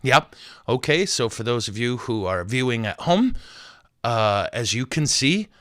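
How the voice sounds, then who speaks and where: A man's voice: mid-range voice, very animated, a little slow, fairly bright tone, no room sound, studio quality. A man, a Catholic priest, hosting a podcast in a casual, joking, rambling way with self-deprecating asides.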